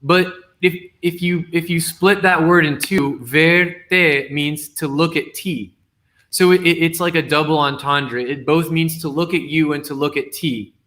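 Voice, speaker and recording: A man, a guest poet in a casual call, explaining his wordplay carefully and reading slowly. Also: fairly high pitch, fairly even intonation, a bit bright. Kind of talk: casual video-call conversation.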